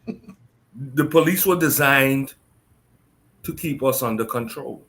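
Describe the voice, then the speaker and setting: A man's voice: mid-range voice, a little slow, a bit bright. A man co-hosting a casual online panel discussion, speaking emphatically and insistently. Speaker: co-host.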